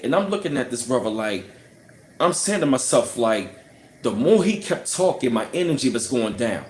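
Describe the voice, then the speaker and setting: A man's voice: medium pitch, big pitch swings, moderate pace, a little mellow, a little hiss or hum. A man telling a personal story in a casual, heated rant, scornful and full of "you know what I'm saying". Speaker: channel host. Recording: roomy echo.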